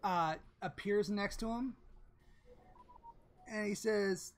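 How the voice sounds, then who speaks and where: A woman narrating a tabletop game as game master, halting and full of restarts. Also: medium pitch, slight background noise.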